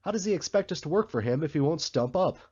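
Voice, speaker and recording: A man voicing a weary, easygoing male canvasser in a storybook reading, husky and slightly muffled. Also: fairly high pitch, expressive, quick pace, a little mellow, pitched above the performer's own voice.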